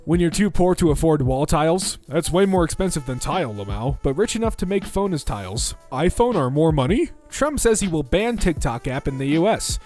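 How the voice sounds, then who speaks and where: A young man reading out internet posts for comedy, bouncing between flat deadpan and mock voices. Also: fairly high pitch. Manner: lively, quick shifts into mock voices.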